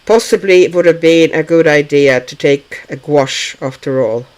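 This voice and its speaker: A woman's voice: low-pitched, normal speed, a little mellow, low-quality recording. A woman hosting a casual livestream, chatting to viewers and thinking aloud with hesitant fillers while she paints. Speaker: livestream host.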